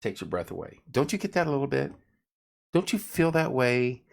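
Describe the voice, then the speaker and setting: A man's voice: mid-range voice, very animated, moderate pace, creaky. A tired man hosting a casual late-night livestream, joking around and reading viewer comments aloud. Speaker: livestream host.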